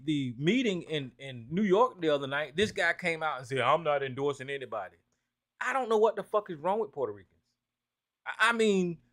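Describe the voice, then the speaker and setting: Guy ranting on his call-in show, cussing a lot, kinda high voice. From North Carolina. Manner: profane, animated, ranting. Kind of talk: casual political talk.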